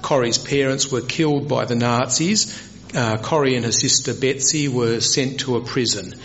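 A man preaching a sermon, animated, climbing high in pitch as he retells a scripture scene. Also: moderate pace, lo-fi sound. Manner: animated, rises high when voicing Moses.

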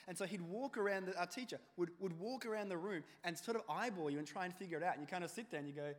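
A male preacher, delivering a sermon with animated storytelling and acted-out quotes. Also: high voice, rapid-fire, few pauses. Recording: long hall reverb.

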